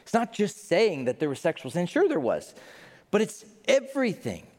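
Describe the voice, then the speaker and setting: Pastor guy preaching, chatty and super expressive, voice swoops up and down, big echoey church sound. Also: high-pitched, moderate pace. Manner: conversational and animated, acting out quotes. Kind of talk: sermon.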